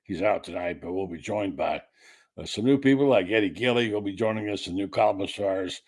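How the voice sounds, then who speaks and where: A man's voice: lowish voice, a little fast, a little mellow, slightly rough. Chatty male sports talk host. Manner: chatty, rambling, self-deprecating. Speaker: show host.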